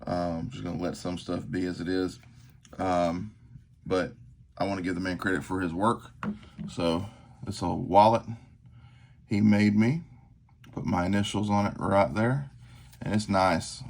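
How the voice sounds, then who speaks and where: Gravelly man showing off gear. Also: low voice, steady tone, measured pace, pauses often, a little mellow, a little hiss or hum. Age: 40s. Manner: rambling, self-deprecating, filler-heavy. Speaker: knife collector vlogger. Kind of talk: casual show-and-tell. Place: tabletop at home.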